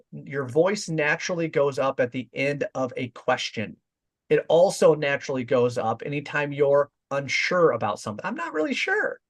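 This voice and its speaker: A man's voice: a little high, darkish tone. Direct-talking male sales trainer. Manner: direct, demonstrates voice tones in quoted examples. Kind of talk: training talk.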